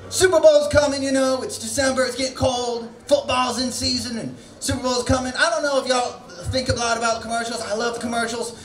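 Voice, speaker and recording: A man doing a loud, crude stand-up set at an open mic, shouting his punchlines. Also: very high-pitched. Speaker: comedian. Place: comedy venue stage. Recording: roomy echo of a small venue.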